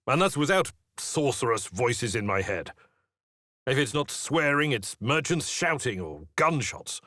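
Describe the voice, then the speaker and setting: A man's voice: mid-range voice, sing-song, measured pace, sharp tone, no room sound. An actor playing a proper male officer, formal and dry, slightly exasperated. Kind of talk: video game voice acting.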